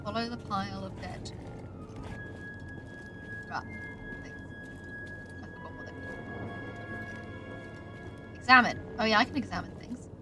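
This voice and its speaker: A woman's voice: mid-range voice, measured pace, pauses often. A woman streaming a video game, chatting casually, swearing and laughing at herself. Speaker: VTuber streamer. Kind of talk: casual gameplay commentary. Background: game music.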